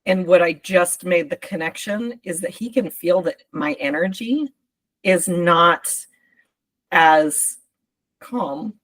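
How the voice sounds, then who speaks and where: A woman hosts the conversation and speaks very slowly, as if thinking aloud. Her voice is somewhat low for a woman. The sound is dry, with no room echo. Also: a bit bright. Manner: slow, reflective, thinking aloud. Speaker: podcast host and coach. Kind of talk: casual conversation.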